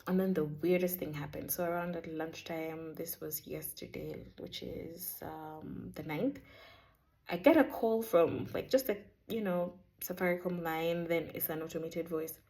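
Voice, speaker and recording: A woman, casually telling a faith story in a chatty, animated way. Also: low-pitched, a little slow. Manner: chatty, animated, sprinkles in Swahili words. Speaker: vlogger sharing a faith testimony.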